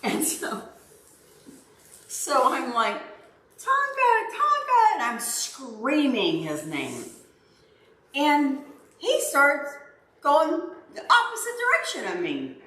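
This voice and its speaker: Livestream host, woman, bright and animated storyteller, roomy echoey sound. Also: sits high, takes it slowly, long pauses. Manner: animated, acts out her own yelling. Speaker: livestream host, dog owner. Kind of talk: casual storytelling to chat. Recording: roomy echo, faint background noise.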